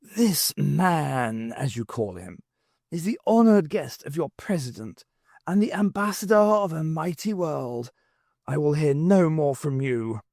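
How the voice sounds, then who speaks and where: A wheezy old president with a thin, raised voice, as a man reads him out. He is courteous and gracious, yet firm and cutting when his authority is challenged. The delivery is slow and the sound is dry, close and plain. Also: fairly high pitch, animated, darkish tone, no room sound, pitched above the performer's own voice. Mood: courtly. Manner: courtly, turning sharply stern.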